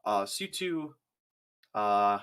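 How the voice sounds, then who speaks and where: Man, game master, easygoing narration, lively swooping pitch. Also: takes it slowly, smooth. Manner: easygoing, laughs often, loose filler-heavy narration.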